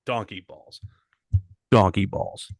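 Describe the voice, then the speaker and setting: This man's voice is lowish, steady and slow, with no echo in the recording. Co-hosting a laid-back comedy podcast, he makes crude jokes, riffs freely, and drops into a mock English accent.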